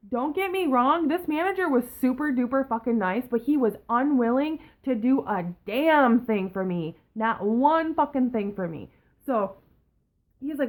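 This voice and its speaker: A woman's voice: fairly high pitch, normal speed. Swearing, fired-up young woman telling a story. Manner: angry, profane, animated storytelling. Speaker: vlogger. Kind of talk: casual storytime rant.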